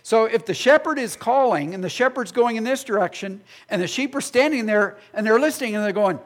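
Animated male pastor preaching. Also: high voice, a little fast, hardly any pauses. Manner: animated, acts out imagined voices. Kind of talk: sermon.

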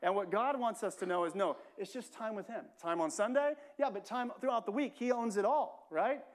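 A man's voice: sits high, brisk. A male pastor preaching a sermon in a church, talking in a conversational way, repeating phrases and adding frequent "right?" asides.

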